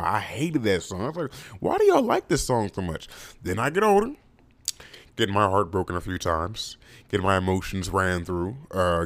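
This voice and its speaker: A man in his twenties hosting a casual podcast monologue, animated and playful, with mock-preacher flourishes and sudden leaps up into high exclamations. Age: 20s. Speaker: podcast host.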